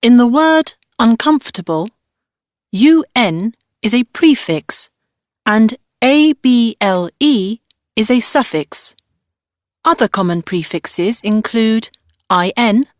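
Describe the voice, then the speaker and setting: Female instructional reader, higher voice, slow and careful, dry sound. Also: dry recording. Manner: slow, spelling out letters carefully. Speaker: textbook audio narrator. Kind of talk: scripted instructional reading.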